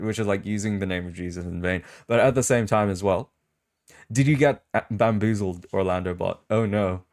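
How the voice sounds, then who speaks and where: A man's voice: on the low side, normal speed, pauses often. A male streamer hosting a casual live chat, rambling and reacting with amused disbelief as he reads comments aloud. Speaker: VTuber streamer and podcast host.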